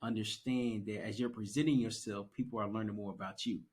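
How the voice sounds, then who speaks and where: A young man on a podcast, chatting casually and telling his story with animated emphasis and repeated phrases. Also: lowish voice, fairly quick. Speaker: podcast guest. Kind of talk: casual conversation.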